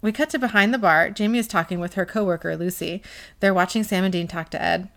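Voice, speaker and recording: A woman's voice: fairly low pitch, quick pace, vocal fry. A woman co-hosting a podcast, chatting casually and reading out scenes from an episode, laughing often. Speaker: podcast co-host recapping a TV episode. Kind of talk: casual chat.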